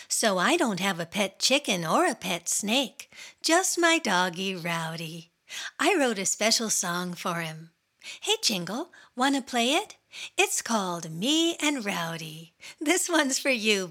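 A woman's voice: medium pitch, very animated, slow, bright, forceful tone, soft background music. A woman hosting a children's radio show, bubbly and sing-song, talking straight to the kids listening.

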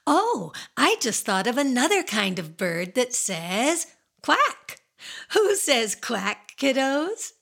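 A woman's voice: on the high side, very animated, slow pace, gravelly, few pauses, a bit bright. A woman hosting a children's radio show, playful and silly as she asks young listeners questions in a sing-song way.

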